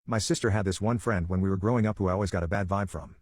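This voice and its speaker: A man reading a forum story aloud as fast, even scripted narration. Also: low voice, no room sound.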